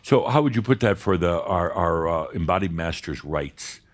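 A man with a fairly low voice leads a group workshop, steering the talk and asking people to get specific. He jokes often and his delivery swings from quiet asides to sudden loud bursts. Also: moderate pace. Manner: animated, joking, pushes for specifics. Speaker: workshop leader. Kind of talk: live group session talk.

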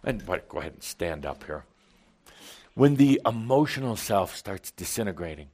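A man giving a playful, animated channeled talk to a live audience in a hall, often laughing along with them. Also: sits low, moderate pace. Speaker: spiritual teacher channeling to an audience.

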